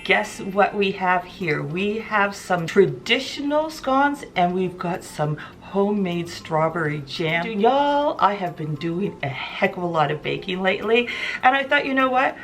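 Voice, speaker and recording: A woman's voice: mid-range voice, very animated, a little slow, a bit bright, far from the mic, faint music behind. Enthusiastic woman vlogging in her kitchen. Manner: enthusiastic, emphatic. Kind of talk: chatty cooking vlog. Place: home kitchen.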